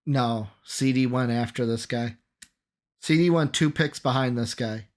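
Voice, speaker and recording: A man co-hosting a sports podcast in casual chat, energetic, rattling off names and quizzing his co-host. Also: mid-range voice, unhurried.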